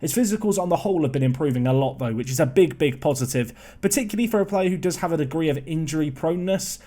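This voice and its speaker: A young man giving casual, chatty commentary on a football management game, excitable and prone to rambling asides. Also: a little high, fast.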